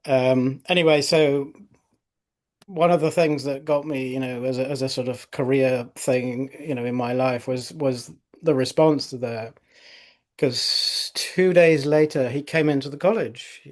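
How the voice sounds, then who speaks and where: A middle-aged male osteopath recounting patient cases in a relaxed podcast conversation, full of fillers like "you know". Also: mid-range voice, a little slow. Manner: conversational storytelling with frequent fillers.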